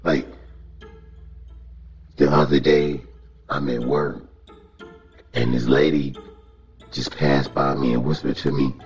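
A man with an extremely low, gravelly voice talks through a casual podcast monologue. He tells stories in an animated, profane way and breaks into laughter. The sound is a little muffled, with faint music underneath. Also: slow pace, long pauses. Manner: animated storytelling, frequent cursing and laughter.

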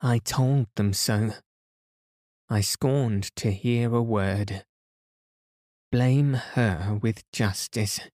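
A man's voice: fairly low pitch, drawn-out words, pauses often, darkish tone, no echo, clean studio sound. A man reading the part of a devoted young blind woman who speaks tenderly and earnestly.

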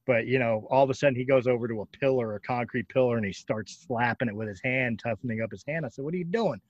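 A man's voice: medium pitch, fairly even intonation, fast talker, no room sound, dull audio. A man, a former wrestler, interviewing and swapping blunt, profane stories in casual conversation.

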